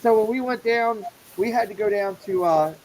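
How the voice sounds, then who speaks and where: A man's voice: high-pitched, normal speed, darkish tone, slight background noise, rough recording. A middle-aged man hosting a casual show, animatedly acting out the people in his story. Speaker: show host.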